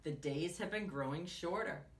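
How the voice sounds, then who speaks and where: A woman's voice: sits low, normal speed, echoey room, recorded from a distance, voice pushed down. Woman doing an eager news-bringing skunk.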